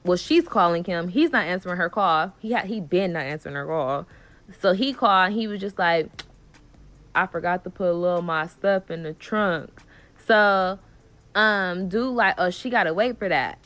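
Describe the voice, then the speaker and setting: A woman's voice: fairly low pitch, normal speed. A woman with a Bay Area accent telling a story in a casual vlog, swearing freely and acting out what people said. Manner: animated, swearing, slangy, acts out quotes.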